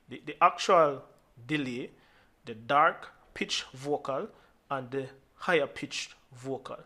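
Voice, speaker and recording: Bright-voiced man walking through a mix. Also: mid-range voice, slow. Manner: relaxed explaining with frequent restarts and repeated words. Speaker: music producer teaching mixing. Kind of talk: screen-recorded tutorial walkthrough.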